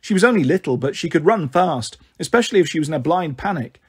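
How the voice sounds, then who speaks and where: Expressive male storybook reader. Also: fairly high pitch, quick pace, breathy edge. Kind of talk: reading a children's book aloud.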